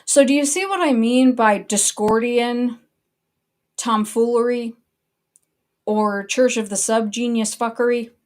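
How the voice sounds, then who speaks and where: A woman's voice: a little high, unhurried, darkish tone. Annoyed woman ranting casually. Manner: annoyed, blunt, swears freely. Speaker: online commentary host.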